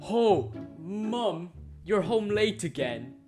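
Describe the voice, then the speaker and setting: A man's voice: sits high, expressive, extremely slow, pitched above the performer's own voice, full character voice. A polite little boy speaking in a put-on British accent, slightly raised and eager, as a man puts him on. The voice sits a bit above a grown man's talk, with game music underneath.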